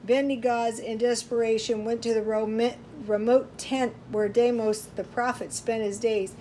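A woman reading a storybook aloud in slow, measured narration. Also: on the high side, flat delivery, mellow, slight background noise, poor audio. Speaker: audiobook reader.

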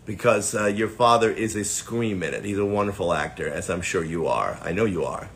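A man's voice: low voice, brisk, a bit bright. A middle-aged man with a Long Island accent, chatting playfully and joking on a live autograph stream. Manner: playful, jokey, breaks into bits and songs. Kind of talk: casual live-stream chat.

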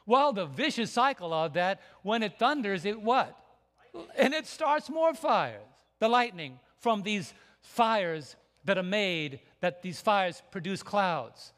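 A man preaching a sermon as pastor, emphatic and building to near shouts. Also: sits high, very animated, slow. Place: church sanctuary. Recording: long church hall reverb.

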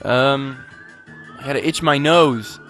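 A man's voice: mid-range voice, slow pace, a bit bright, faint music behind. A man playing a video game and narrating it in a rambling, goofy, self-mocking way, with sudden outbursts. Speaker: let's play gamer. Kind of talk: game commentary.

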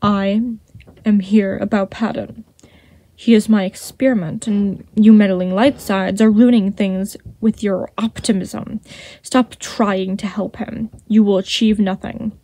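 A woman's voice: steady tone, a little slow, dark tone. Woman reading as a silky, purring male deceiver. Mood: snarling. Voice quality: low, smooth, honeyed. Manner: purring and mocking. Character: smooth sly male snake-like deceiver.

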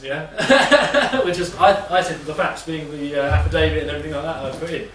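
A man speaks to a live audience on the high side, a little fast and fairly bright in tone, with hardly any pauses. His talk is casual, chatty and rambling, often checking in with "yeah?", captured by a distant mic in an echoey room with faint noise.

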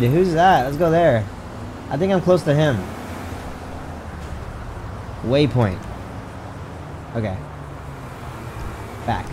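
Excitable swearing man streaming a game. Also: a little high, noisy background. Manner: excitable, swears often, yelps in surprise; talks to chat while reading menus aloud. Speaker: gaming streamer. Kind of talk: live gameplay commentary.

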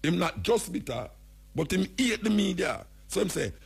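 A man's voice: sits high, very animated, normal speed, vocal fry, slightly rough. A man from Jamaica with a Jamaican accent, hosting a radio talk show and speaking bluntly and emphatically while calling out officials by name. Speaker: radio host.

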